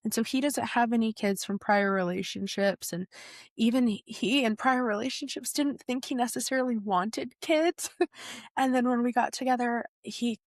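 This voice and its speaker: A young woman, a podcast guest, retelling a personal story in a lively way and laughing often. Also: on the high side, normal speed, no echo, studio quality. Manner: animated retelling, laughs often, acts out quotes.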